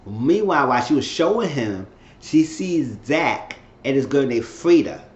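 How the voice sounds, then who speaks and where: Male show reviewer, casual rambling recap, mid pitch, echoey and slightly muffled room sound. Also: sing-song, a little slow. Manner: loose, rambling retelling with restarts. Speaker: TV show reviewer on his channel. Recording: roomy, slightly dull home recording.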